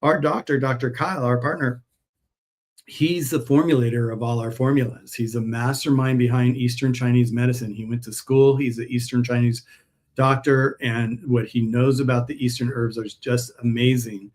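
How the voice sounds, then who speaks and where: A chatty man speaking on a live stream as he packs orders, with an average pitch. He wanders from story to story in a loose, friendly way and pitches his herbal products as he goes. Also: fairly even intonation, moderate pace, darkish tone. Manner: friendly sales talk. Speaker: herbal pet supplement seller. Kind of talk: casual live-stream chat while packing orders.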